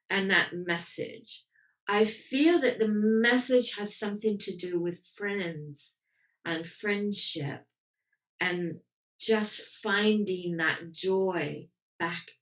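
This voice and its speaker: A woman's voice: lowish voice, reverberant, distant mic. A woman medium giving readings and teaching in a live online class, laughing easily and quoting spirit messages with feeling. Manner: warm, laughing, emotional, quotes spirits in lively voices. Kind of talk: live reading and Q&A on a video call.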